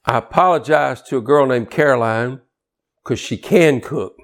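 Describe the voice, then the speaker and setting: A man preaching a sermon in a folksy, joking way, swinging from quiet low asides to loud shouting. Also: moderate pace. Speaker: pastor.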